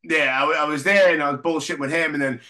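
A man's voice: on the high side, steady tone, fast, sharp tone. A man hosting a podcast, telling stories with laughs and swearing. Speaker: podcast host. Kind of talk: casual podcast chat.

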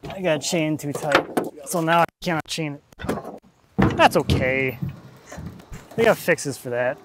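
A man's voice: a little high, unhurried, heavy background noise. A man narrating outdoors as he loads a log onto a trailer, chatty and jokey, explaining each step as he works. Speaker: urban logger and video host. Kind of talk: casual narration while working.

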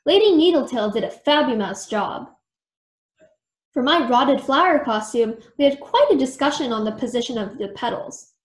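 A woman's voice: animated, moderate pace, echoey room. A woman voicing a theatrical, bossy gothic female mouse who talks in a dramatic, exclaiming way. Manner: dramatic, exclaiming, high-pitched.

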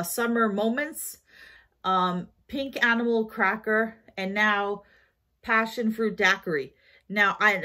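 A woman's voice: mid-range voice, a bit bright. A tired woman with a New York accent, rambling through a casual shopping haul vlog with lots of fillers and self-corrections. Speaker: haul vlogger.

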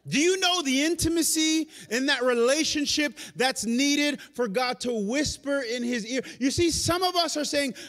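A man preaches in a church sanctuary, his fairly high voice carrying into a long, echoing reverb. He is animated, pressing hard on some points and dropping to a near hush on others. It sounds like a live service through a stage microphone. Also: moderate pace, few pauses. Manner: animated preaching, shifting between loud and hushed delivery. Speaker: pastor. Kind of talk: sermon.

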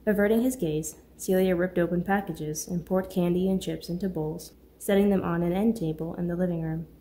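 Woman narrating an audiobook in a low voice. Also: steady tone, brisk, dark tone, a little hiss or hum. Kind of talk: scripted narration.

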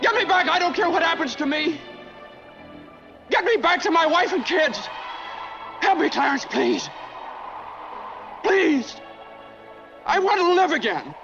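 An actor playing a desperate man who shouts and pleads, in a 1940s film scene. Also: extremely high pitch, big pitch swings, a little slow, gravelly, pauses often, exaggerated voice. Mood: pleading desperately. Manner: shouting, pleading, then laughing wildly with joy. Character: desperate frantic man pleading to live again. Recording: dull old film soundtrack with music.

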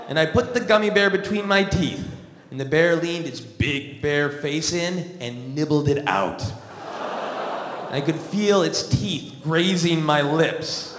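Wry high-voiced man in an echoey theatre. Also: fairly bright tone, slight background noise. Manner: wry, dry comic delivery. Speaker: comedian. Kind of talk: stand-up storytelling. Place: large theatre stage. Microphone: stage microphone. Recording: echoey theatre hall from a distance.

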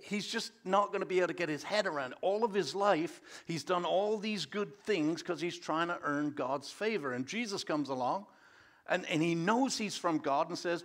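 Brief: a pastor in church, pitched slightly high, chatty and animated. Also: male voice. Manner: conversational, animated storytelling. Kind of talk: sermon.

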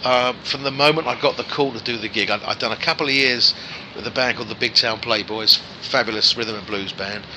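A man's voice: medium pitch, brisk, hardly any pauses, noisy background. A man in his forties, a guest musician, telling anecdotes in a casual chat and acting out the voices of the people in them. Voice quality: animated raconteur who acts out voices in his anecdotes.

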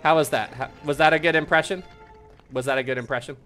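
A man's voice: a little high, steady tone, fast, fairly bright tone, faint music behind. A man hosting a live game stream, commenting playfully, laughing often and putting on theatrical farewells. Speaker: streamer and host.

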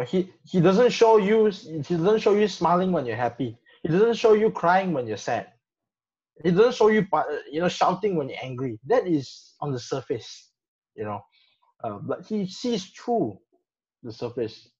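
A man in a casual film discussion, talking haltingly with many restarts and "you know" fillers. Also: fairly high pitch, a little mellow, breathy edge. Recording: dull lo-fi sound.

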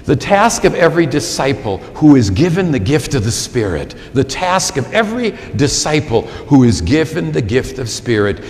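A man's voice: mid-range voice, normal speed, few pauses. A man in his sixties, a priest delivering a sermon in a large church, emphatic and given to repeating words for effect. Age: 60s. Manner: animated, emphatic repetition. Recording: reverberant church, faint ambience.

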